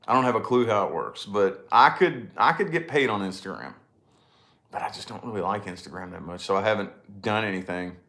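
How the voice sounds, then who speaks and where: A man's voice: fairly low pitch, a little fast, bright, forceful tone. Brief: a man, casual YouTuber chat, emphatic, curses a lot, echoey room. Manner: emphatic, swears freely, repeats himself. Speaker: YouTuber and channel host.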